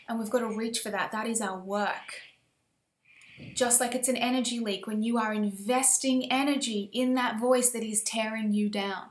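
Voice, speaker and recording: A fairly high-voiced woman teaches a motivational course, talking with passion and emphatic warmth as she affirms her listeners. Her voice rings in a roomy, echoing space. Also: steady tone, moderate pace, a little hiss or hum. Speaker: women's empowerment coach.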